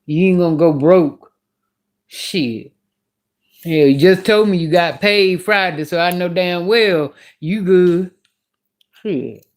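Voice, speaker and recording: A woman's voice: fairly low pitch, slow, long pauses, darkish tone. A woman vlogger telling a story in a casual rant, blunt and profane as she vents.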